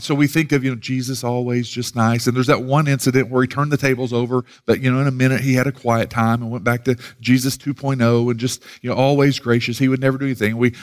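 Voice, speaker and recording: A man giving a sermon as a pastor, talking in a loose, casual way with many fillers and restarts. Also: mid-range voice.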